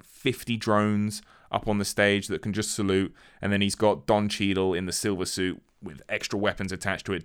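A man casually recapping a film, acting out the characters' lines with animated energy. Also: lowish voice, clean tone. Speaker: podcast co-host recapping a film. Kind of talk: casual chat.

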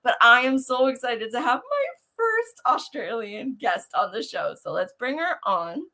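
Giddy, bright-voiced woman host. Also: a little high, big pitch swings, unhurried. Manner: giddy, effusive, laughing often. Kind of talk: casual live interview. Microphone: video call.

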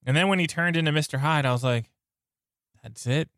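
Male podcast host, under the weather, strained voice, rambling and excited, dry close-mic sound. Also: on the high side, racing, dry recording. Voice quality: sounds like something in his mouth. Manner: rambling, enthusiastic, self-interrupting. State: sick, voice strained. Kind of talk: casual podcast chat.

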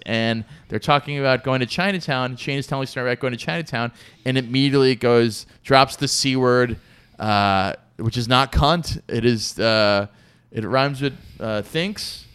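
A man's voice: mid-range voice, normal speed, a bit bright, smooth, no room sound. A man co-hosting a casual podcast, rambling through a story with sarcastic asides and frequent laughs. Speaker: podcast co-host. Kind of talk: casual chat.

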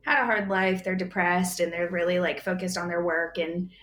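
A woman's voice: fairly low pitch, steady tone, moderate pace, a bit bright, reverberant, a little hiss or hum. A woman guest in a casual movie discussion, rambling and hedging as she talks. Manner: rambling, hedging with "like" and "I don't know". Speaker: podcast guest.

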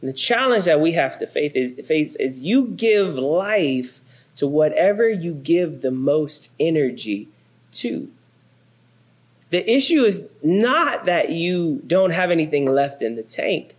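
A man's voice: on the high side, slow pace. A pastor in his thirties giving a sermon, telling funny stories about his family and acting out their lines. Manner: animated storytelling, acts out quotes.

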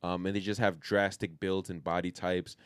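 A man's voice: low-pitched, flat delivery, normal speed, smooth, dry recording, studio quality. A man co-hosting a podcast, talking loosely with lots of slang, fillers and swearing. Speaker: podcast co-host. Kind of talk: casual chat.

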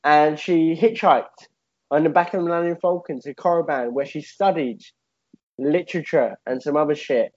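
Male co-host, light high voice, loose comic storyteller, muffled low-fi audio. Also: moderate pace. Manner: rambling, swearing, jokey storytelling. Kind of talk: casual comedic chat. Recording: dull lo-fi sound.

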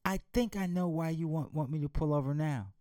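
A man's voice: fairly high pitch, a little fast, dark tone, no echo, studio quality, lightly acted. Fields: a man putting on a scared young girl. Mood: anxious, puzzled. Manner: anxious, pleading. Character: young girl, new driver, scared and puzzled.

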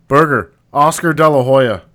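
A man's voice: mid-range voice, normal speed, fairly bright tone. A man co-hosting a podcast, calling out rant topics in short, offhand prompts. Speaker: podcast co-host.

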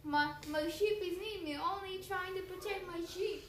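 A woman's voice: very high voice, normal speed, fairly bright tone, roomy sound, a little hiss or hum, voice pushed up. A woman voicing a huge male Cyclops who sobs and pleads, then bellows threats, in a storybook reading. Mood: pleading, sobbing. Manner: sobbing pleas turning to bellowing threats.

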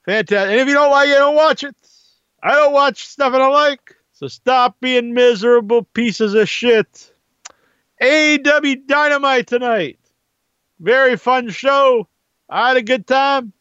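A man's voice: high-pitched, fairly bright tone, smooth, no room sound, dull audio. A man talking casually in a rambling, profane monologue about wrestling. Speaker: wrestling commentator.

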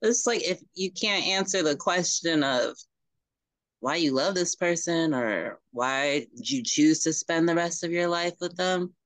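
A woman co-hosting a podcast, speaking in an expressive, matter-of-fact way. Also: lowish voice, unhurried, no room sound. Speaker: podcast co-host. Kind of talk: casual conversation.

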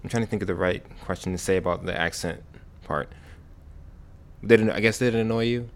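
A man's voice: lowish voice, a little fast. Man hosting a casual chat, brief prompts. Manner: short prompting questions and backchannels. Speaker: podcast host.

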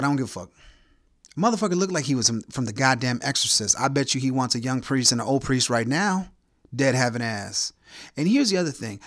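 A man's voice: mid-range voice, no echo, clean studio sound. Blunt, profane man ranting on his podcast. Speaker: podcast host. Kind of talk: casual solo rant.

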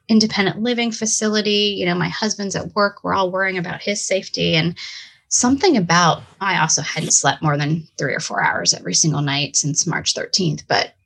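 A woman's voice: mid-range voice, moderate pace, creaky, fairly bright tone. A middle-aged woman with a talkative, hyper manner, telling her story as an interview guest. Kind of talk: storytelling in a conversation.

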